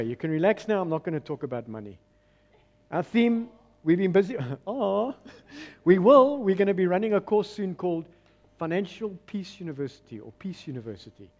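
Brief: South African male pastor, middle-aged, high voice, preaching with lively call-and-response energy. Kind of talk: sermon.

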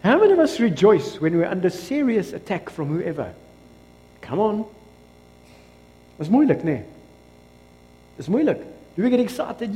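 High-voiced South African pastor in a reverberant church. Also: male voice, normal speed, long pauses. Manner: energetic, joking, builds to loud exclamations, calls for amens. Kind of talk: lively sermon. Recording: long reverb of a church hall.

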